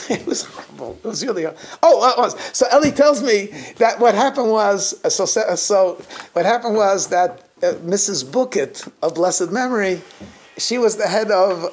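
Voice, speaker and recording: Speaking to his congregation at a holiday, a middle-aged rabbi shares anecdotes in a high voice, chuckling partway through sentences and starting lines over. A little hiss or hum can be heard.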